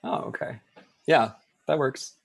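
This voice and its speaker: Game master narrating casually, close dry sound. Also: male voice, mid-range voice, unhurried, vocal fry, slightly rough, no room sound. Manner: casual, many fillers, laughs often.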